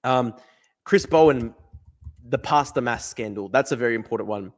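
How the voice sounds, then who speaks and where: A man's voice: mid-range voice, moderate pace. A man, ranting in livestream commentary, swearing and repeating his points. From Australia. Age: 20s. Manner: ranting, profane, repeats himself. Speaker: streamer.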